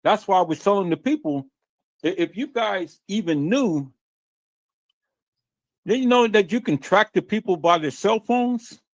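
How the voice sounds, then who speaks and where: A man hosts his own livestream, his voice sitting a little high and leaping around as he talks. He repeats and restarts words as he presses his point, swearing along the way. The sound is dry and close to the mic. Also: animated, unhurried, pauses often, dry recording. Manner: repetitive, stammering restarts, emphatic and profane. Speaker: livestream host. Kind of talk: heated livestream commentary.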